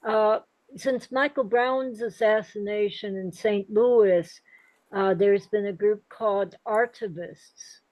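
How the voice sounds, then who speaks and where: A woman's voice: medium pitch, fairly even intonation, takes it slowly, a little mellow, dry recording. A woman joining a video call late, talking in an apologetic, hesitant way, on dull lo-fi call audio. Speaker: participant. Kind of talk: casual video call chat.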